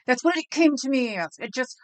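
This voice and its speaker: A woman's voice: sits high, animated, a little fast. A woman chatting casually on a live stream, rambling, laughing easily and talking to viewers in the chat.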